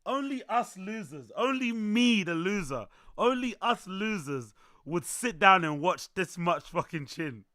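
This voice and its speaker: A young man hosting a casual livestream, his voice hoarse and worn out. His tone is bright and forceful in a dry, close room, and his pitch sits a touch higher than most men's. He rambles, repeats phrases over and over and swears freely to his chat. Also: expressive, unhurried, dry recording. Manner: loose, repetitive, swearing, talks to chat. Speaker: livestream host.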